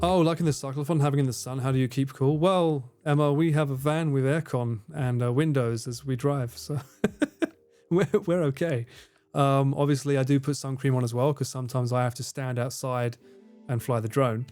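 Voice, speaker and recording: A man's voice: mid-range voice, steady tone, moderate pace, a little mellow, clear, resonant tone, no echo, faint music behind. A man in his forties with a British accent, casually reading and answering viewer comments on a livestream, swearing freely and laughing often. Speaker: livestream host. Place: room at home with air conditioning running.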